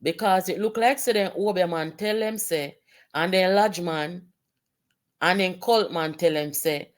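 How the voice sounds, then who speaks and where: A Jamaican woman speaks as a political commentator in a slightly low voice. She is indignant and emphatic and keeps firing rhetorical questions at her listeners. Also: unhurried.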